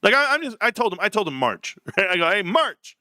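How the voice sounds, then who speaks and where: A man hosting a casual livestream, talking brashly and joking, dropping to low mutters and then jumping to high outbursts. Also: very animated, brisk, sharp tone, no room sound, clean studio sound. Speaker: livestream host.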